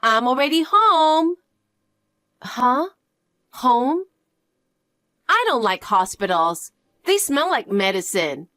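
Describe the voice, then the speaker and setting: Woman voicing a mocking greedy older sister for a story read, higher and lively, dry close sound. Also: takes it slowly, long pauses, dry recording, heavily acted. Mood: careless. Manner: dismissive, mocking. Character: selfish greedy elder sister, woman, adult. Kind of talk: scripted story narration.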